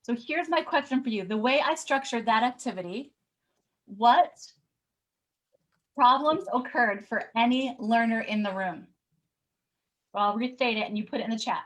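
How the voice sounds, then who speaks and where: Animated woman educator telling stories. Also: on the high side, moderate pace, pauses often, poor audio. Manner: animated storyteller who acts out the people she quotes. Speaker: educator presenting at a live online event. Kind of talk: storytelling talk to a live online audience, reading the chat.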